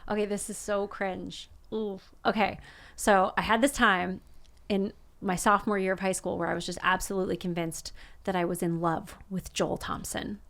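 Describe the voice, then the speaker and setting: A woman's voice: medium pitch, little pitch movement, moderate pace, creaky, a bit bright. A young woman co-hosting a podcast, telling self-mocking stories in casual chat. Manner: self-mocking storyteller, jokey. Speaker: podcast co-host.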